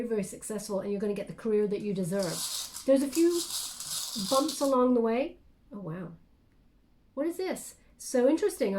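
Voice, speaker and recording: A woman with a slightly high, warm voice gives a channeled tarot reading straight to camera. She sounds musing and hesitant, filling her speech with fillers and frequent restarts.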